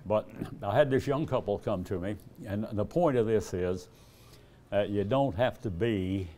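Folksy older preacher telling stories. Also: male voice, lowish voice, a little slow, warm tone, a little hiss or hum. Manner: folksy, acts out dialogue in a raised voice, chuckles often. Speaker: evangelist. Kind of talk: storytelling sermon.

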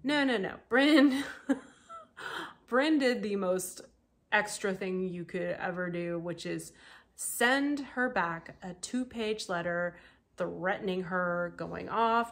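A woman hosting a podcast tells a true-crime story in a loose, chatty way. She keeps breaking off into asides and laughs. Her voice sits at a middle pitch. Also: takes it slowly. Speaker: podcast host.

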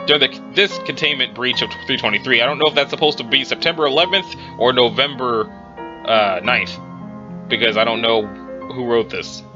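A man's voice: mid-range voice, moderate pace. A man, the host, reading horror entries aloud with chatty asides and a slightly strained throat. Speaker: reader and host. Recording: dull lo-fi with music behind.

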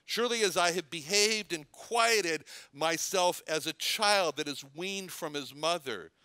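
A man's voice: on the high side, a little slow, sharp tone, clean tone, no room sound. An older man preaching a sermon, reading scripture aloud, repeating verse references and stumbling over repeated words.

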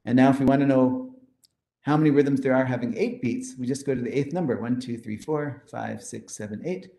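A man lecturing on mathematics at a conference, with a mellow, relaxed tone. He explains each step with enthusiasm and often checks in with a quick "right?". His voice rings in an echoey hall. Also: mid-range voice, creaky.

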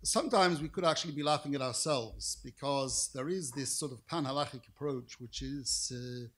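A middle-aged man giving a formal lecture, telling anecdotes with careful, precise diction, measured pacing and dry humor. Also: medium pitch, a bit bright. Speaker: rabbinic lecturer.

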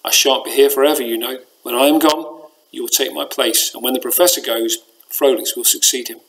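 A man voicing a frail, wise old woman who speaks for the stars, in a measured, solemn storybook reading. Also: medium pitch, steady tone, fairly bright tone, lightly acted, poor audio. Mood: grave. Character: frail wise old female star seer.

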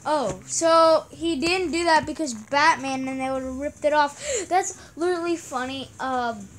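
A woman's voice: high-pitched, a little slow, slight background noise. A young woman casually commenting on a video game, chatty and giggly, reading its text aloud. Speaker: gameplay video host.

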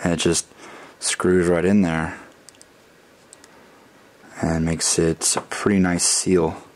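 A man building a gadget in his workshop, thinking out loud in a rambling, self-mocking way as he works. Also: sits low, flat delivery, takes it slowly. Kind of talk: casual workshop vlog narration.

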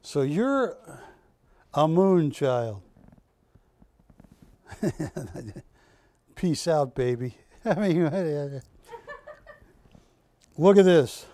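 Unhurried, chatty man hosting a shopping show. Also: fairly high pitch, very animated, mellow. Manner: chatty, anecdotal, enthusiastic. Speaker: shopping channel host. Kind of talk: live sales presentation.

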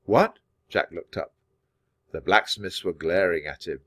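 A man reading a children's chapter book aloud in a clear, steady storytelling manner. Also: low-pitched, unhurried, no echo, clean studio sound. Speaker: storybook reader.

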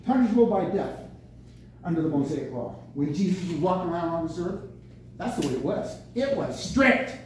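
Excitable male preacher, very high and animated pitch, recorded from afar in an echoey room. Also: normal speed. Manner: excitable, bursts out with exclamations. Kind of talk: lively sermon. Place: senior center meeting room. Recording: very echoey room, mic from far off, faint noise.

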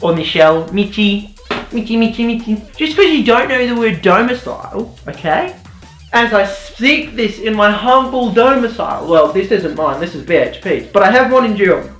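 A young man rants sarcastically through a jokey commentary, his voice jumping around as he mocks and riffs. The room rings with a clear echo, and soft music plays faintly underneath. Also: animated, moderate pace. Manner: sarcastic, mock-ranting, jumpy pitch. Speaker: YouTuber commentator. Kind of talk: rambling comedic commentary.

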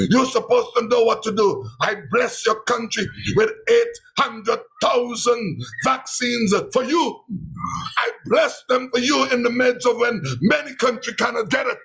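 A man's voice: very high voice, vocal fry, a bit bright, slightly rough, rough recording. A man with a Trinidadian accent preaching a sermon, impassioned and emotional, with many repeated exclamations of praise. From Trinidad and Tobago.

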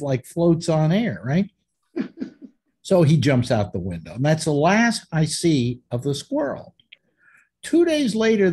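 Husky new guy telling a story on a chat show, voice bouncing up and down. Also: fairly high pitch. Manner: animated storyteller, shouts quoted lines. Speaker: host.

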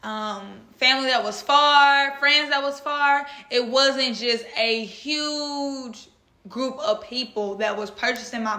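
A young woman from Texas, a vlog host and author, telling a story in a casual, animated way and acting out the voices of people she quotes. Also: fairly high pitch. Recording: echoey room.

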